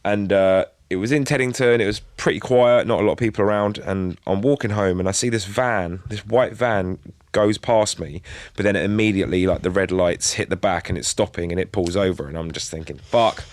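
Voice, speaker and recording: Laid-back sweary storyteller. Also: male voice, sits low, a little fast, few pauses, no room sound, clean studio sound. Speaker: podcast co-host. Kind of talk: casual chat, telling an anecdote.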